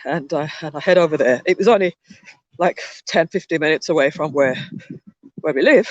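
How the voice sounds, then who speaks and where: A woman's voice: deep voice, brisk, no echo, lo-fi sound. A woman hosting a livestream, chatting and telling a rambling story while walking outdoors in a park, with frequent restarts. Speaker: livestream host.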